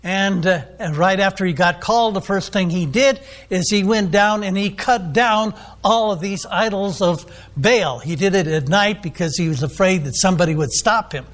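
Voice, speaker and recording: A man's voice: sits high, normal speed, a bit bright. A man preaching a sermon, teaching in a loose, rambling way with many ums and restarts.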